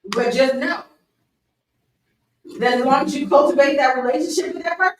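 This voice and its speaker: A woman in casual chat, talking in an animated, playful way. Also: high voice, brisk, distant mic, a little hiss or hum. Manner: animated and playful, laughs often. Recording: echoey room, away from the mic.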